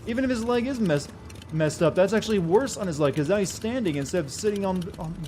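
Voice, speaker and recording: A man's voice: high-pitched, expressive, quick pace, a little mellow, soft background music. Sarcastic young male game streamer. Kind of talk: gameplay commentary.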